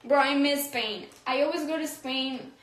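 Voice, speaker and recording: A woman's voice: high voice, moderate pace, fairly bright tone, reverberant. A young woman chatting casually on a phone livestream, reading comments, slangy and laughing often. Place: room, recording a phone livestream.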